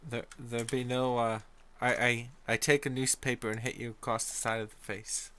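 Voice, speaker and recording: A man's voice: medium pitch, flat delivery, normal speed, a bit bright. A man hosting a livestream chat, teasing his guest and often hesitating. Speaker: stream host.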